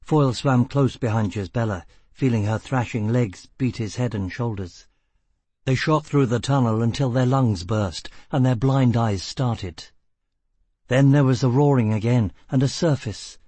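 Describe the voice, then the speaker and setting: A man narrating an audiobook in a steady, dramatic storytelling manner. His voice is slightly husky and sits at a middle pitch, recorded close and dry. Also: unhurried, no echo. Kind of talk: scripted narration.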